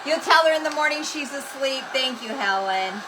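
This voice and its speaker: A woman hosting a live craft demo, chatting loudly and greeting viewers by name as she works. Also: sits high, lively intonation, moderate pace. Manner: says she is talking very loudly. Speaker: craft livestream host. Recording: noisy room with heat gun running. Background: heat gun whirring.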